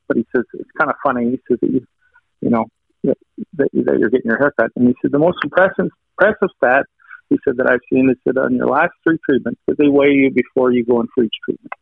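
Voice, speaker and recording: A gravelly, medium-pitched male voice moves quickly through an earnest personal story of faith. He rebuilds past conversations line by line, piling up "he said" quotes and giving thanks to God throughout. There's no room sound; the line is thin, dry, and phone-like.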